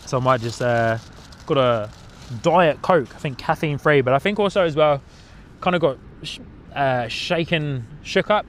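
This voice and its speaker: An upbeat man with an English accent softened by a New Zealand tinge chats casually to his live-stream viewers. He talks from outdoors in an airport car park, so faint outdoor noise sits behind his mid-pitched voice. He fills his sentences with "uh"s and often starts over. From United Kingdom. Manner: upbeat and chatty, with frequent filler words and restarts. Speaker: plane-spotting livestream host.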